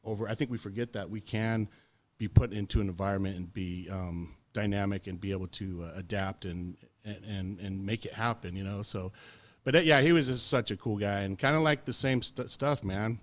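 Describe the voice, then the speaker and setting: A man telling stories in casual chat, animated and laughing, acting out what others said and often saying dude and man. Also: fairly low pitch, fairly quick. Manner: animated storyteller, says dude and man a lot, laughs, acts out quotes. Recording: dull lo-fi sound.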